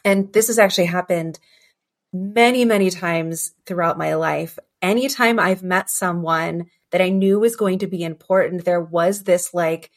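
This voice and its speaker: A woman's voice: on the low side, normal speed. A woman hosting a podcast, reflecting on her own experiences in a casual, personal way and acting out inner voices. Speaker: podcast host.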